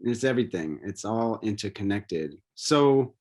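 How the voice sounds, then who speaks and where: A male host who listens closely and answers his guest with soft murmurs of agreement. When he speaks up, he reflects on what she said and leads into his next question. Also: lowish voice, lively intonation, unhurried. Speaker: podcast host. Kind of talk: interview conversation.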